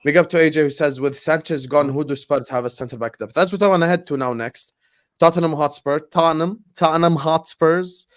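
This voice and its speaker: A man's voice: fairly high pitch, fast, hardly any pauses. Slangy man hosting a football stream. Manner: slangy, shout-outs to chat. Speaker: stream host. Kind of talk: casual football stream chat.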